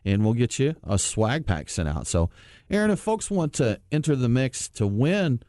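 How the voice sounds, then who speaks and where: Male co-host, mid-pitched voice, relaxed calendar rundown, dry studio mic. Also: normal speed, dry recording. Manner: easygoing event-listing delivery. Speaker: podcast co-host. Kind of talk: casual radio show chat.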